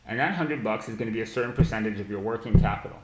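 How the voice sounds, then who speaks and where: A man's voice: fairly low pitch, racing, roomy sound, slight background noise, poor audio. A man teaching trading on a live stream, blunt and profane, mocking ideas he dislikes and breaking into laughter. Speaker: market analysis streamer.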